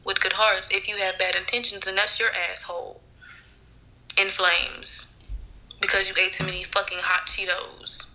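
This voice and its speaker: Frank, easygoing woman, very bright voice, slangy chat. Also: medium pitch, little pitch movement, moderate pace, low-quality recording. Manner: laid-back, frank, slangy. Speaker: chat partner. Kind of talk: casual chat.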